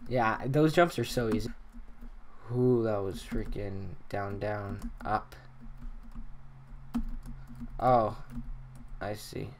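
A man giving casual gameplay commentary at his computer, muttering to himself with sudden excited outbursts. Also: lowish voice, extremely slow, long pauses, slight background noise. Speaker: gaming channel host.

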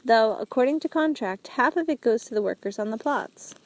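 A woman's voice: a little high, animated, fairly quick, natural voice. A woman voicing a proud male prison warden in an audiobook, explaining things in a matter-of-fact way. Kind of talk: audiobook character reading.

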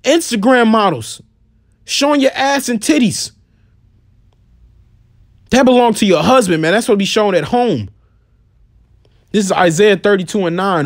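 A man with a notably high voice delivers an informal sermon, scolding his listeners bluntly and swearing freely. When he quotes scripture he slows into a measured, solemn reading. The recording is dry and close, with no room echo. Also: expressive. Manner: reads scripture slowly and solemnly. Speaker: preacher.

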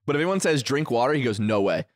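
A man's voice: fairly high pitch, animated, rapid-fire, dry recording, studio quality. A man co-hosting a podcast, telling a story in casual chat, acting out the quotes and swearing freely. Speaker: podcast co-host.

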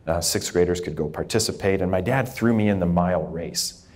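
A dermatologist who grew up in Idaho speaks candidly and informally to a group of students, with lots of fillers and restarts. His voice is low and darkish, and he talks a little fast.

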